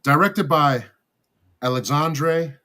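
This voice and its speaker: A man's voice: a little high, takes it slowly, bright, forceful tone. A man co-hosting a horror movie podcast, reading a film's synopsis and credits aloud in a casual chat and stumbling over names. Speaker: podcast co-host.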